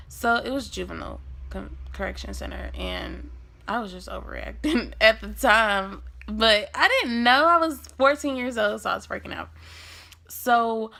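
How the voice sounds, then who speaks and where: A young woman tells a personal story for her vlog, animated and dramatic, swinging between loud bursts and hushed asides. Her voice is bright and sharp with a gravelly edge. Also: fairly high pitch, moderate pace. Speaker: vlogger.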